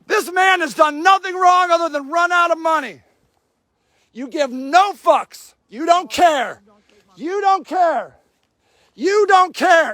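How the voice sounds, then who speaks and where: A man livestreaming from an outdoor camp in the snow, shouting angry and sarcastic reproaches at people in front of him while filming on his phone. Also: extremely high pitch, dry recording. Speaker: activist filming a camp sweep. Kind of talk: livestreamed street confrontation.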